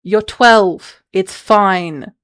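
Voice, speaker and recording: A woman's voice: medium pitch, drawn-out words, a bit bright, clean tone. A woman hosting a solo podcast on personal branding, candid and chatty with frequent asides. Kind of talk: casual solo podcast talk.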